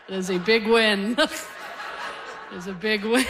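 A woman in her forties, originally from Canada, performing stand-up into a handheld mic on a live stage. Her voice sits at a middling pitch, and she tells her stories in a loose, conversational, self-mocking way. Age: 40s. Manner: conversational, self-deprecating storytelling. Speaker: stand-up comedian. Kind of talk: stand-up comedy set. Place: comedy stage before a live audience.

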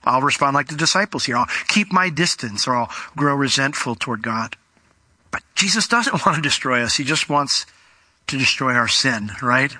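Male pastor, bright tense voice, dry close sound, emphatic sermon delivery. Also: medium pitch, moderate pace, dry recording. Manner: animated and emphatic, acting out dialogue with God.

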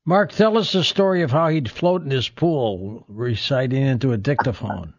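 A man's voice: mid-range voice, moderate pace, husky, no echo, dull audio. A man hosting a call-in radio show, prompting guests and callers with short, friendly questions.

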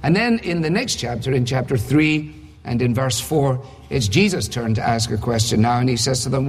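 A man with a husky, mid-range voice preaches a sermon at a moderate pace in a reverberant hall. He's emphatic, using rhetorical questions and dry humor.

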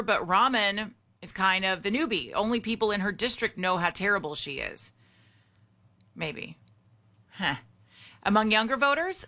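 A woman's voice: mid-range voice, sharp tone. A woman hosting a talk radio show, chatty and opinionated, reading out poll figures and the call-in number.

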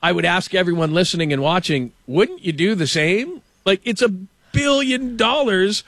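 A man hosting a casual sports talk show, speaking in a slightly raised voice. He rants with animated energy and stammers when worked up. The sound is dry and close. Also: high-pitched, moderate pace, no room sound. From Los Angeles. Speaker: show host.

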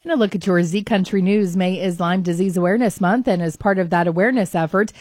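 A woman reading local news headlines on a morning radio show in a steady, measured way. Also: fairly low pitch, dry recording, clean studio sound, faint music behind. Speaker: radio news reader and co-host.

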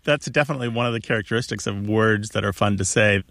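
A man co-hosting a radio talk show, explaining things in a knowledgeable, lively way. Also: lowish voice, quick pace, vocal fry, no echo, studio quality. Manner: knowledgeable, lively, laughs easily.

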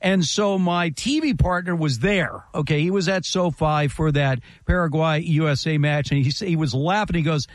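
A man talking sports on the radio, his fairly high voice swinging up and down as he spins jokey stories. The studio sound is close and dry. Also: normal speed, few pauses, no echo. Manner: animated, jokey storytelling. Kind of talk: casual sports talk.

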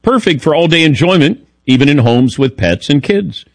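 A man hosting a sports radio show, teasing his co-hosts in a wry, lively way and reading an ad. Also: on the high side, moderate pace, no room sound. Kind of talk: casual radio talk and read ad.

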